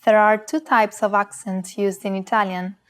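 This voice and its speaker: A woman co-hosting a language lesson, reading a script and saying example words slowly and carefully. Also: mid-range voice, level tone, clean tone. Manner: slow, careful, precise pronunciation of example words.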